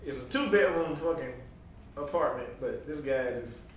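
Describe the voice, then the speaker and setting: A man's voice: animated, moderate pace. Profane storytelling man in an echoey room. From New Mexico. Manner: laughing, acts out voices with big pitch jumps. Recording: echoey room from a distance, light ambient noise.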